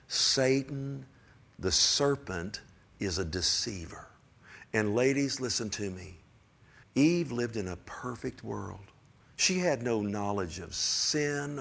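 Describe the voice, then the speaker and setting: Gravelly older man preaching a sermon. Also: mid-range voice. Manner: folksy, rambling storytelling with frequent "amen?" to the congregation; swings from hushed to loud and emphatic.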